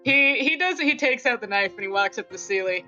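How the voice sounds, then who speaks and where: Bright giggly woman narrating her character. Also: a little high, animated, fairly quick, highs cut off, faint music behind. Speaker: player. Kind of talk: tabletop role-play narration.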